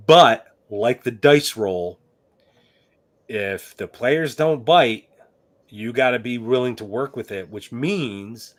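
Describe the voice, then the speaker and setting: A man co-hosting a casual podcast, relaxed and chatty. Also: on the low side. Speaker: podcast co-host. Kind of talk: casual chat.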